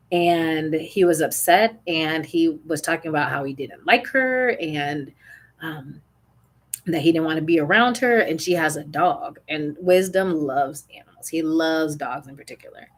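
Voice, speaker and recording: A woman's voice: sits low, normal speed. A young adult woman and parent coach, candidly telling a personal parenting story with small restarts.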